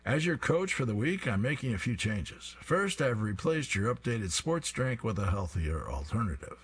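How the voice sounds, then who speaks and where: A man's voice: medium pitch, big pitch swings, normal speed, slightly rough. A man doing an earnest small teenage boy. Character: eager young male teen, small, earnest.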